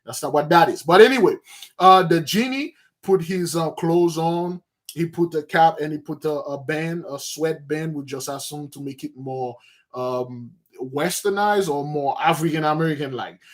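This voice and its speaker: Man, fairly high voice, informal study teacher, halting, restarts a lot, lively retelling. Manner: halting, with many restarts and asides; lively storytelling, acting out scenes. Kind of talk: informal book study talk.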